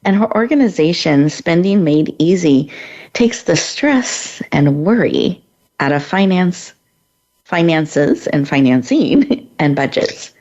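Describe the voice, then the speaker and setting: A woman's voice: deep voice, darkish tone. A woman hosting an interview over a video call, with effusive, upbeat introductions and questions. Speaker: host. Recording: muffled, lo-fi sound.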